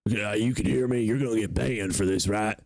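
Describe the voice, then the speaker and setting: A man's voice: fairly low pitch, fairly quick, a little mellow, close to an everyday voice. A man putting on a mocking voice of a young man who is taunting someone before pulling a prank.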